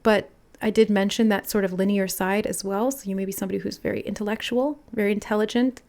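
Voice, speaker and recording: A woman giving an intuitive tarot reading, musing aloud in a soft, channeling manner as she relays messages. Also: mid-range voice, steady tone, fast. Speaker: tarot reader.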